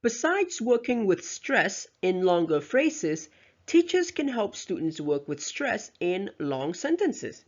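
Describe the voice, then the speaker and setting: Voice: mid-range voice, very animated, slow. A teacher giving a lecture on pronunciation, explaining step by step and modeling example sentences aloud. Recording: dull, lo-fi recording.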